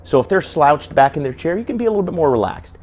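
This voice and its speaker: A man's voice: on the high side, expressive, quick pace, a little mellow. A man giving casual advice to camera, talking conversationally and asking lots of rhetorical questions. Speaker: self-help video host.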